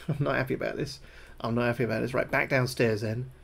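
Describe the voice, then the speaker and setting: A man streaming a horror game live, excitable and swearing, yelping when he gets scared. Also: medium pitch, a little fast, gravelly. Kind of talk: live gameplay commentary.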